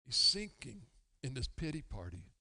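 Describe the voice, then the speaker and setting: A man preaching a sermon as pastor, acting out grumbling churchgoers in an animated way. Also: mid-range voice, moderate pace. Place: church sanctuary. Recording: long church hall reverb.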